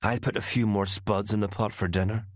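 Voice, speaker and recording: A man voicing an adoring young woman who speaks in an eager, breathy way, read as an audiobook. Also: on the low side, fairly even intonation, brisk, no room sound, clean studio sound, close to an everyday voice.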